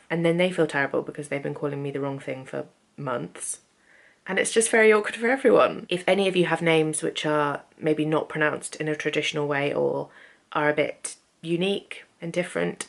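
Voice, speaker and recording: A woman's voice: low-pitched, creaky. A woman in her thirties vlogging at home in a chatty, self-deprecating way, sometimes dropping to a whisper. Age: 30s. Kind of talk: casual vlog chat.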